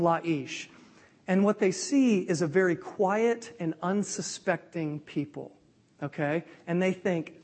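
A man telling a Bible story in an animated, conversational sermon, checking in with his listeners as he goes. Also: high voice. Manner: lively, conversational, checks in with the audience. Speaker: preacher teaching a Bible lesson.

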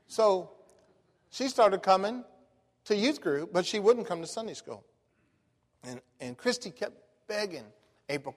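Folksy pastor, high voice. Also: male voice, unhurried, long pauses. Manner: folksy, animated storyteller. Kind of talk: storytelling sermon. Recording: long reverb of a large hall.

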